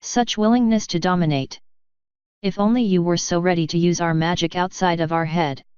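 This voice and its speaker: A woman's voice: lowish voice, fairly even intonation, normal speed, a little mellow, smooth, no echo, lightly acted. A woman voicing a sinister, fanged female pony doppelganger with a honeyed, taunting manner, on a dull, dry recording.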